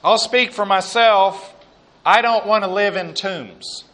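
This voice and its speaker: A man preaching a sermon and reading scripture aloud, slow and emphatic, with quiet asides. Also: high-pitched.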